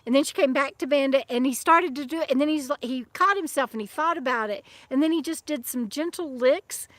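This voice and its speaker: A middle-aged vlogger and author who lives in a van does a casual livestream from her campsite, reading viewer comments and chatting loosely. Her voice is high, fairly quick and fairly bright, with no room sound. She rambles, restarts sentences often and breaks off for fond asides to her dog.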